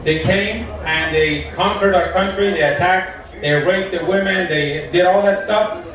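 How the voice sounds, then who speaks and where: An Iranian man delivers a live stand-up set with a fairly high voice, telling deadpan stories about the people he meets. He sounds distant from the mic, and the lounge gives his voice a heavy echo with faint noise behind it. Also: measured pace, a crowd in the background. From Iran. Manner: deadpan storytelling, quoting people in his jokes. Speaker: stand-up comedian. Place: comedy lounge stage. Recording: echoey room from far off, faint noise.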